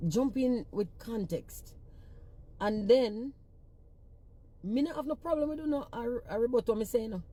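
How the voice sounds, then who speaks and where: A woman with a strong Jamaican Patois accent, a singer-songwriter, delivers a blunt, cursing rant in a casual social media clip. She speaks at a normal pace with frequent pauses, in a warm, fairly high voice.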